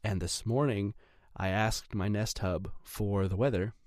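A man co-hosting a casual tech podcast who chuckles often and fires off quick questions. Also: fairly low pitch, fairly even intonation, darkish tone, no room sound, studio quality. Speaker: podcast co-host.

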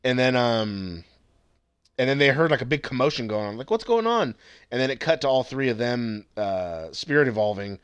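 A man's voice: mid-range voice, normal speed, clear, resonant tone, dry recording. A young man casually recapping an episode with a co-host, swearing a lot and acting out the scenes. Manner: profane, excitable, acts out scenes with voices. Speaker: podcast co-host recapping an anime. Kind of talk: casual chat.

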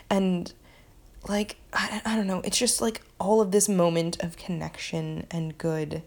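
Woman, lowish voice, loose enthusiastic fan commentary, full of fillers. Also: little pitch movement, a little slow, gravelly, a little mellow. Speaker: TV episode reviewer. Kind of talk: casual, rambling commentary.

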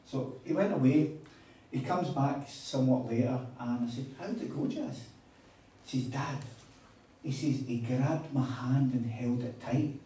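A man preaching a sermon, telling a story in a chatty, animated way with quoted dialogue. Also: mid-range voice, a little slow, a little hiss or hum. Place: conference hall on a weekend retreat. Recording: echoey hall, mic at a distance.

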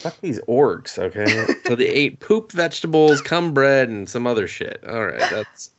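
A man's voice: mid-range voice, very animated, normal speed, muffled recording. A man co-hosting a podcast, making crude, mock-disgusted comic rants full of swearing. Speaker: podcast co-host. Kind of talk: casual chat, comic commentary.

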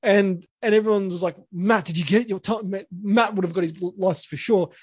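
A man's voice: sits high, a little fast, a little mellow, husky, no echo. A young Australian man, a podcast co-host, telling a rambling story full of restarts and laughs. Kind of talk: casual storytelling.

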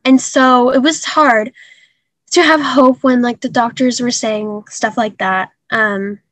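A young woman telling a painful personal story in an interview, halting and earnest with many fillers. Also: on the high side, fairly even intonation, fairly bright tone, no room sound. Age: young adult. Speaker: guest.

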